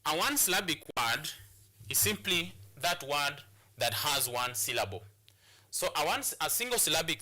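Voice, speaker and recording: A man's voice: a little high, bright, forceful tone. A man with a Kenyan English accent teaching a televised English lesson, explaining syllables step by step with frequent repetition and rhetorical questions. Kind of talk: classroom lesson on stress and syllables.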